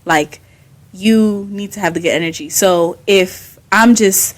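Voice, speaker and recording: A young woman talking as a podcast guest in a casual, animated way, laughing often and using slang. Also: mid-range voice, unhurried. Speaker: guest, skincare business owner.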